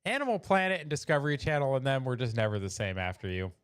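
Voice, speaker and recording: Casual streamer host, man, smooth clear voice, dry close mic, reacts to memes. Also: medium pitch, sing-song, fast, a bit bright, dry recording. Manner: laughing, chatty, addresses chat. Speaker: livestream host. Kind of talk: casual live commentary. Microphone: desk mic, streaming.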